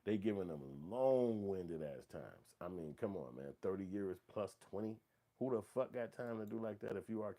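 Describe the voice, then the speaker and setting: Brief: a deep, mellow male host, rambling and emphatic with casual commentary. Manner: rambling, emphatic, profane, repeats "you know what I'm saying". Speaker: morning show host.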